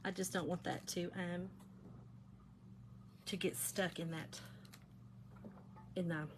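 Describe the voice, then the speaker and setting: A woman's voice: on the low side, steady tone, takes it slowly, background noise. A woman hosting a craft livestream, chatting with viewers as she works, laughing often and calling them y'all. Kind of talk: chatty craft demonstration with storytelling.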